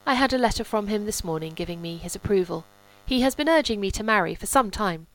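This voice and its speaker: A woman reading the part of a solemn, placid, pompous gentleman with a grave, measured delivery. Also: medium pitch, expressive, low-quality recording.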